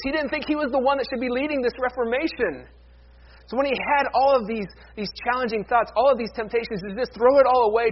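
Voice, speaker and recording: A man preaching a sermon as pastor, emphatic, moving from loud declarations down to hushed near-whispers. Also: sits high, breathy edge, dull audio.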